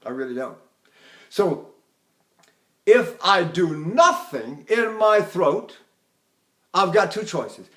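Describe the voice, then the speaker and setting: Older man teaching voice, high speaking pitch. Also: sing-song, slow, long pauses, fairly bright tone. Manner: rambling, conversational, breaks into operatic singing. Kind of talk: recorded vocal lecture with sung demonstrations.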